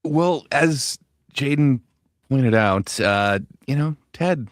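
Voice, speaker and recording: A man's voice: medium pitch, animated, slow pace, no echo, studio quality. A man hosting a casual panel chat, talking hesitantly, with lots of fillers, and laughing easily. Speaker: panel host.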